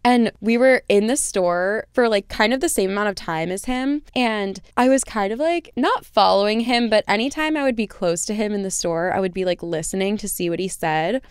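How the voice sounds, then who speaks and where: A woman hosting a podcast, reading a story aloud and then chatting about it in a casual, animated way with lots of "like.". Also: medium pitch, normal speed, hardly any pauses, smooth, no echo, studio quality. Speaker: podcast host reading and discussing stories.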